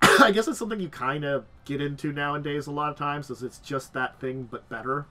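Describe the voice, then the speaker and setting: A man's voice: a little high, fairly quick, pushed and bright. Rambling man hosting a tabletop talk show. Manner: rambling with frequent restarts and fillers. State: sick and tired. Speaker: podcast host. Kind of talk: casual chat.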